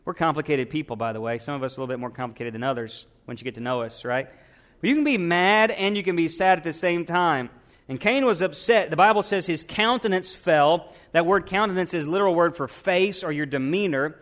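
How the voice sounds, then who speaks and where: A man's voice: fairly high pitch, fairly quick, a bit bright. A man, a pastor, preaching a sermon and asking his congregation questions.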